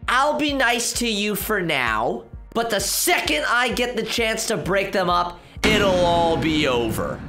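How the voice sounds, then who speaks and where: A man's voice: high voice, very animated, slow pace, few pauses, sharp tone, soft background music, exaggerated voice. A man voicing a spoiled, mean boy stepbrother in a game roleplay, talking in a sneering, threatening way. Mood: scornful.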